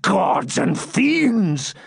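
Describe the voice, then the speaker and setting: A man voicing a wounded, furious knight who curses and shouts for his men. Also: high voice, big pitch swings, extremely slow, vocal fry, breathy edge, dry recording, studio quality, heavily acted. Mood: defiant. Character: wounded, raging knightly baron. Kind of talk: audiobook character reading.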